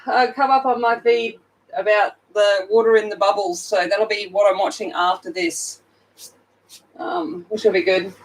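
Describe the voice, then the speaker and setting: A woman's voice: mid-range voice, fairly even intonation, moderate pace, rough recording. A sleepy Australian woman hosting a casual livestream from her phone, chatting with viewers and greeting them by name while she colours. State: sleepy, just woken up. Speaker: livestream host.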